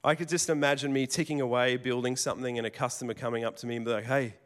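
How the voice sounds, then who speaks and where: A man's voice: medium pitch, fairly even intonation, rapid-fire, fairly bright tone. A man preaching a sermon in a conversational storytelling way, with casual restarts and asides. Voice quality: plain working tradesman's speech.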